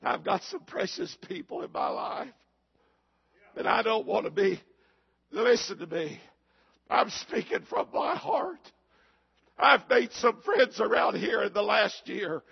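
Fiery preacher, gravelly and high. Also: male voice, expressive, unhurried, muffled recording. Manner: fiery revival preaching, rising to shouts. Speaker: pastor. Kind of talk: sermon. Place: church.

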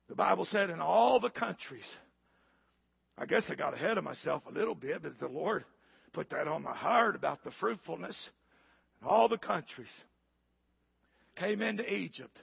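Man, pastor preaching, high raspy gravelly voice, shouted peaks, dull lo-fi recording. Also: no echo. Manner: preaching with sudden shouted climaxes and call-outs to the congregation. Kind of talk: sermon.

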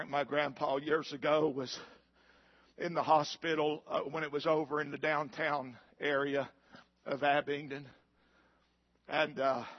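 A middle-aged male pastor, preaching a fiery sermon that rises to shouts. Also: on the high side, dull audio. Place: church.

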